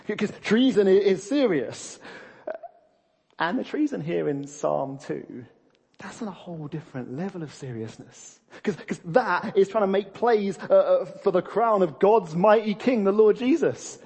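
A man delivers a sermon in a husky, slightly high voice. He is animated, laughs often and restarts his sentences, swinging between playful asides and sober emphasis. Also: unhurried. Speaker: preacher.

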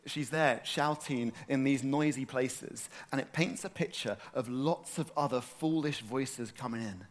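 A man from north London, preaching a sermon in a lively, conversational way and asking the room questions. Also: mid-range voice, unhurried, hardly any pauses. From north London, England.

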